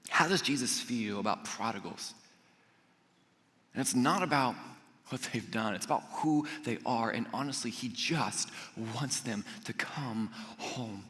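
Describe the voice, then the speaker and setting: A male pastor preaching a sermon in a conversational storytelling way, dropping to soft, earnest emphasis. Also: medium pitch. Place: church auditorium. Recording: echoey church hall.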